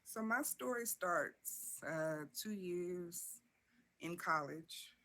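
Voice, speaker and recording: Southern US woman in her twenties, deep voice, slow measured talk, interview guest. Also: expressive, fairly bright tone. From Georgia, USA. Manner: unhurried, with frequent "um" fillers. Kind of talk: casual interview storytelling.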